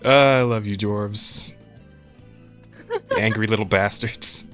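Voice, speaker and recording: Woman podcast co-host, strikingly deep voice; dry, sardonic humor. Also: takes it slowly, faint music behind. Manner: dry, sardonic, laughs at own jokes. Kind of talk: casual chat.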